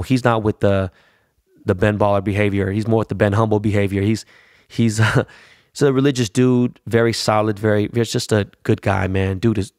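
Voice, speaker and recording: A man's voice: lowish voice, darkish tone, no room sound, clean studio sound. A middle-aged man hosting a podcast, rambling through a casual, profane and hyped monologue. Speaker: podcast host.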